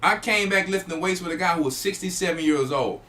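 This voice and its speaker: A man's voice: high-pitched, brisk, sharp tone. A man, a church elder hosting a show, preaching emphatically and repeating phrases. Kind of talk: preaching talk to a live audience.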